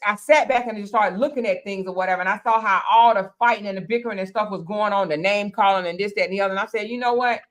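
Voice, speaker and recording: A woman's voice: medium pitch, a bit bright. A woman hosting a casual group chat, talking bluntly, cursing freely and repeating phrases for emphasis. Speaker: panel host.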